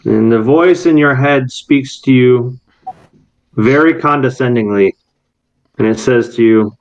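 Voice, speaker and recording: A man narrating as game master of a tabletop game, with quick, rambling asides. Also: mid-range voice, highs cut off.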